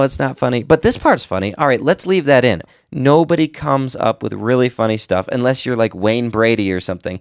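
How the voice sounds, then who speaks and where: A man's voice: lowish voice, smooth, no echo, clean studio sound. A man and podcast host giving casual, conversational advice on editing, explaining with examples. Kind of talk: casual instructional talk.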